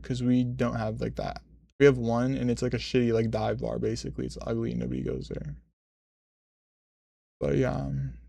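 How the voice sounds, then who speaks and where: Gravelly, profane man in his twenties. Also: medium pitch, a little mellow, dry recording. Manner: rambling, profane, self-correcting. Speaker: streamer. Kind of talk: casual storytelling chat.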